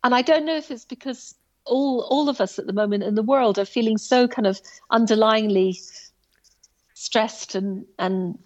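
Woman rambling happily through a hike story, kinda high voice, muffled call sound. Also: moderate pace. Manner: chatty, animated, many restarts and asides. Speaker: guest recounting a hike. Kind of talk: casual storytelling in conversation.

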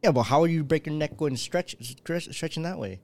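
A man's voice: on the high side, a little fast, darkish tone. A young man in casual chat, playful and teasing, laughing freely.

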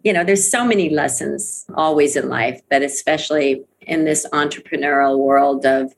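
A gravelly, low-sitting voice at a moderate pace belongs to a middle-aged woman being interviewed candidly about her network marketing career. She stresses her points earnestly and repeats phrases for weight.

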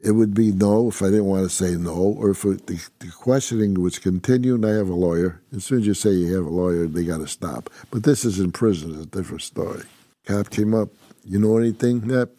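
A man's voice: low voice, fairly quick, dark tone, no room sound. An older man from upstate New York, a former prison inmate telling his story in a blunt, rambling, constantly swearing way. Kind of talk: casual profane storytelling.

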